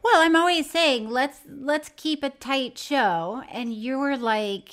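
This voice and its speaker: A middle-aged woman from Florida co-hosting a comedy podcast, chatty, quick to laugh, and eager to tell her stories. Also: sits high, fairly bright tone. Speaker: podcast co-host. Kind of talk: casual comedic chat.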